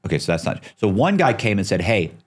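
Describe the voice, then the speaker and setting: Middle-aged male guest, deep voice, chatty storyteller who does the voices of the people in his story. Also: fast, husky. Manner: animated, acts out the people he quotes, swears casually. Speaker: podcast guest. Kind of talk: casual storytelling interview.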